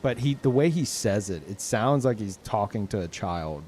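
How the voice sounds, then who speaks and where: A man streaming a video game, chatting casually, rambling and searching for words with swearing and quick laughs. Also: on the low side, lively intonation, darkish tone, slight background noise. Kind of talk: casual chat while gaming.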